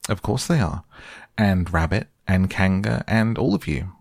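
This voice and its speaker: A confident young boy, as a man reads him rattles off plans quickly and carelessly. The voice stays low and creaky, read close and dry for a bedtime story. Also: expressive, a little mellow, no echo, exaggerated voice. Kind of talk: soft bedtime storybook reading.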